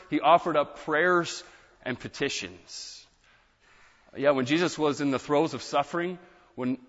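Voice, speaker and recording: A man's voice: mid-range voice, fairly bright tone. A man preaching a sermon as pastor, earnest and building to emphatic rises. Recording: muffled sound with long hall reverb.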